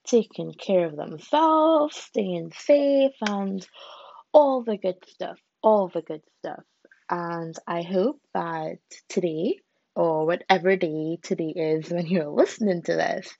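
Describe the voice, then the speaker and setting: On her casual one-woman podcast, a young British Caribbean woman chats away and laughs at herself, with lively swings in emphasis. Her medium-pitched voice has vocal fry. The recording is dry and the audio dull.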